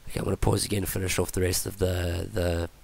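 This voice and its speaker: Guy with a deep flat voice doing a coding tutorial, sick and losing his voice, lots of ums. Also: vocal fry, husky. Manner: halting, many ums and restarts. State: voice going from illness. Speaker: tutorial presenter. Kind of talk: screen-recorded coding tutorial.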